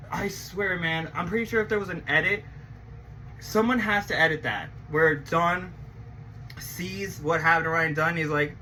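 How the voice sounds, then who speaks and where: High, piercingly bright rambling man. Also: distant mic, slight background noise, poor audio. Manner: rambling and emotional, repeats and stammers often; swears casually. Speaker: movie trailer reactor. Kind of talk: casual reaction commentary.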